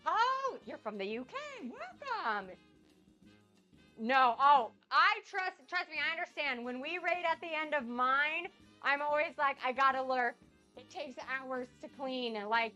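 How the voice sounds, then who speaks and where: A young woman getting over a cold, chatting excitedly with viewers on her cooking live stream. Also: high-pitched. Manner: bubbly, gushing and excitable. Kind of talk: casual live-stream chat.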